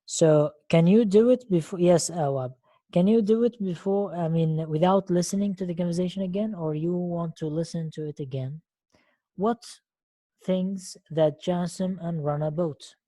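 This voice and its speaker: A woman's voice: fairly low pitch, moderate pace, dark tone. A woman teaching an English lesson on an online call, speaking patiently and repeating words and questions for her learners.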